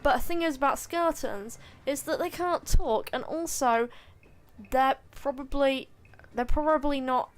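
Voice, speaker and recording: Speaking at a measured pace in a high-pitched voice, a woman hosting a gaming video gives casual commentary as she plays. Her talk wanders, full of jokes, playful bragging and internet slang directed at her chat.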